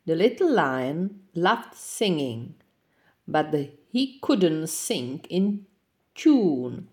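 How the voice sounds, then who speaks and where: A woman reads a children's picture book aloud in a gentle, expressive way. Her voice is fairly low for a woman, and it rises and falls widely. She reads very slowly and unhurriedly. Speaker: storyteller.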